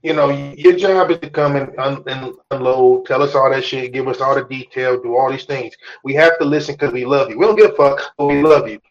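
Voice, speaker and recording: A man's voice: medium pitch, fairly even intonation, fairly quick, few pauses, highs cut off. A man hosting a podcast, talking in a blunt, profane, emphatic way as he lectures his listeners. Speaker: podcast host. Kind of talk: casual opinionated podcast talk.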